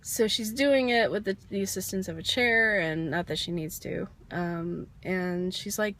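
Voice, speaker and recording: A woman's voice: mid-range voice, measured pace, few pauses. A woman telling a candid, rambling personal story in a vlog, laughing at herself now and then, getting over a cold with an occasional cough. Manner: candid, rambling, self-deprecating with soft laughs. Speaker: vlogger.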